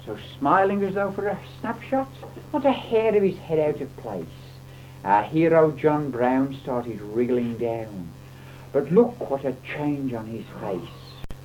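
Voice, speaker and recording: Man reciting comic verse, lively and theatrical. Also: mid-range voice, a little slow. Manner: theatrical, mock-dramatic delivery. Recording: dull, slightly noisy old recording. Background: audience laughter.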